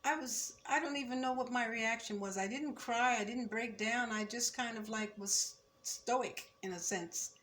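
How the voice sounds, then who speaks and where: An older woman in her seventies recalling her student years in a measured, reflective oral-history telling, turning firm when she speaks of injustice. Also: a little high, fairly bright tone, slight background noise. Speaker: former student recounting memories.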